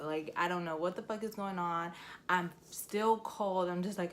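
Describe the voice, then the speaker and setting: A woman's voice: lowish voice, fairly even intonation, fairly quick, slight background noise. Chatty young woman telling a story. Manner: chatty, filler-heavy, emotional retelling. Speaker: vlogger. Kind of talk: casual story time.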